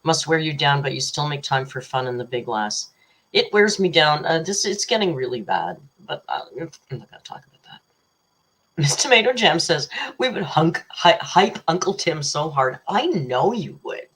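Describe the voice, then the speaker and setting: This livestream host has a deep, slightly bright voice with a breathy edge, speaking at normal speed and with lots of animation. She reads viewers' super chats aloud and chats loosely, teasing and laughing often.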